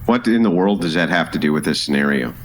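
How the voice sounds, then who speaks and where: A man's voice: rumbling low, animated, fast, slight background noise. A man cross-examining a guest with pressing, logical questions in a debate. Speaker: debate host.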